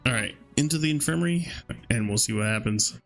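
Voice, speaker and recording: A man's voice: mid-range voice, lively intonation, fairly quick, vocal fry, over loud music. A man playing a horror game and reading its dialogue aloud, with casual, slangy reactions in between. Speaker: gaming video creator.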